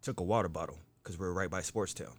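A man with a low voice tells a rambling story in casual conversation. He swears freely and leans on "you know" and "like" as he talks. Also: fast, husky. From United States. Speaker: storyteller in a group chat. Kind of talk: casual chat.

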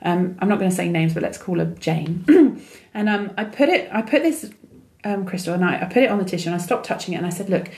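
Podcast co-host, woman, middle-aged, lively chatty storyteller. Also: fairly low pitch, fast. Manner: chatty storyteller, acts out quoted dialogue. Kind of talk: casual chat.

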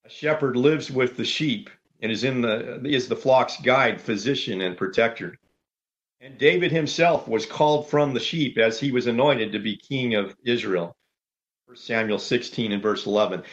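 A man delivers a sermon from the pulpit, calm and orderly as he moves point by point. His voice sits at an ordinary middle pitch. The recording is somewhat dull and lo-fi. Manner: measured, orderly, lays out numbered points. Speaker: pastor.

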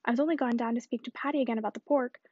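A woman's voice: a little high, fairly even intonation, rapid-fire, warm tone, no echo, lo-fi sound, close to an everyday voice. A woman reading the part of a talkative spinster, effusive and rambling on in run-on chatter. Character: talkative middle-aged spinster, breathless and effusive.

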